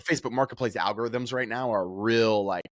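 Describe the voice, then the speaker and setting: A man in his thirties, a podcast guest chatting casually and telling animated stories. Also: on the low side, fairly quick, no room sound, studio quality. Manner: animated storyteller, often slips into voices when quoting people. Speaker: podcast guest, real estate investor. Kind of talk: casual interview chat.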